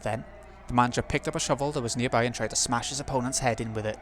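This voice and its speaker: A man's voice: medium pitch, steady tone, very fast, noisy background. A man hosting a let's play, reading a visual novel's narration aloud and muttering asides to himself between passages.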